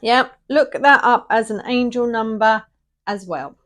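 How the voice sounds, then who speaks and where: A woman's voice: a little high, unhurried, a bit bright. Chatty, rambling woman reading tarot. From England. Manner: chatty, rambling, loses her thread. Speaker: tarot reader. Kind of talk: casual tarot reading video.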